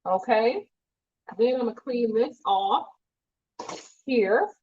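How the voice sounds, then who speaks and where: A woman's voice: on the high side, animated, takes it slowly, breathy edge, muffled recording. A woman with a fading New Jersey accent hosting a live cooking demo, chatting with viewers as she cooks. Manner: upbeat, chatty, reads viewer comments. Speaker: cooking show host.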